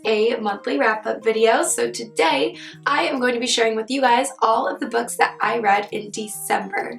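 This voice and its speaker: A young woman with a cold talks in a chatty, upbeat way as she reviews books in her vlog, her voice husky and hoarse. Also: on the high side, fairly bright tone. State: sick with a cold. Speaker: book vlogger. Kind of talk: casual book review vlog. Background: faint background music.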